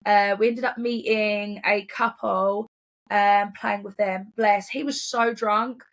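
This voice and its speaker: An English woman telling a story in casual podcast chat, swearing freely and quick to act out what people said. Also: medium pitch. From England. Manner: chatty, swearing, animated impressions in quotes. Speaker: podcast co-host.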